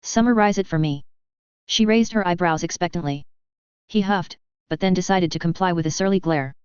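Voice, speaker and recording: A woman reading fan fiction aloud as narrator in a steady, even manner, on a dull lo-fi recording. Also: fairly low pitch, fairly quick, clear, resonant tone, no echo.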